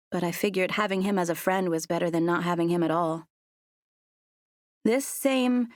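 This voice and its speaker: A woman narrating a first-person romance audiobook with soft, earnest storytelling. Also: lowish voice, no room sound, studio quality.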